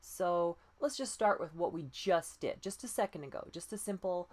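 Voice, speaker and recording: A woman voice coach leading breathing and pitch exercises, patient and encouraging, often demonstrating breathy sighs. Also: normal speed, hardly any pauses, darkish tone, slight background noise. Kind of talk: guided voice exercise lesson.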